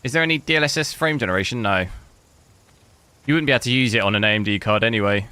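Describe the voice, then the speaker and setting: A man's voice: mid-range voice, fast, sharp tone, clear, resonant tone. A man chatting casually to viewers while playing a game and benchmarking his PC. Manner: chatty, talks to viewers about hardware. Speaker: gaming streamer.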